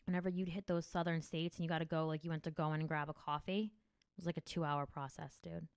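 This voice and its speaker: A woman's voice: low-pitched, fast talker, clean tone, dry recording, studio quality. Profane, rambling woman comic host. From New Jersey. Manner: profane, rambling, animated storytelling. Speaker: comedian podcast host. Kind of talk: casual podcast chat.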